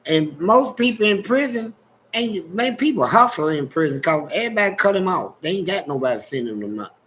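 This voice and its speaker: A man's voice: high voice, expressive, a little fast, a bit bright, a little hiss or hum, low-quality recording. A man telling frank, streetwise stories in a casual livestream chat and laughing along as he goes. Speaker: guest storyteller on a livestream.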